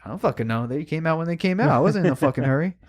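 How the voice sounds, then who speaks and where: A man co-hosting a podcast, telling a story in casual chat, emotional and animated, swearing a lot. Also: on the high side, racing. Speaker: podcast co-host.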